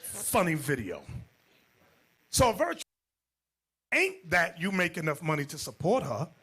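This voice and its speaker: A husky-voiced man teaches a Bible class as a bishop. His pitch sits high and swings widely as he tells stories, acting out the people in them and breaking into shouts. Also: unhurried. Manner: animated, acts out quotes, jumps to shouting. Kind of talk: storytelling Bible class sermon.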